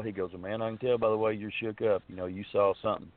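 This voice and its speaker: Calling in on a tinny phone line, a man shares a long personal story in a loose, earnest way, stumbling into restarts and fillers. He speaks fast in a level tone at a fairly low pitch.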